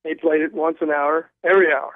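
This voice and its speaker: An older man, a guest author, telling animated stories with stumbling restarts over the phone. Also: on the high side, a little fast, no echo. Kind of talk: storytelling in a phone interview. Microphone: telephone. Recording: tinny phone line.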